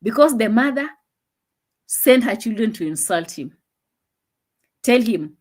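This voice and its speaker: A young woman hosting a casual live stream, chatting and laughing, dropping into low asides, on a phone mic. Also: animated, a little slow, pauses often, darkish tone.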